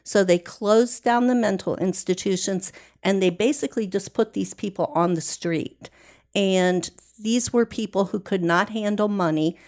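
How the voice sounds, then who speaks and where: A woman, a guest, telling a personal story slowly, deliberately and earnestly. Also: mid-range voice, a little mellow.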